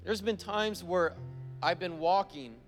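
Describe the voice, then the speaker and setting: A pastor delivers a church sermon in a notably high male voice, hammering home his points by repeating phrases. When he reads scripture aloud he slows right down. A soft instrumental plays faintly underneath. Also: soft background music. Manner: emphatic preaching with repeated phrases for emphasis. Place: church service.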